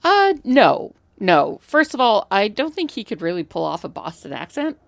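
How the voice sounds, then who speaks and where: A woman co-host in a casual movie chat, blunt and lively, with a gravelly edge to her voice. She swears freely and talks in a loose, animated way. The sound is dry and close to the mic. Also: mid-range voice, normal speed, no echo. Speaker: podcast co-host.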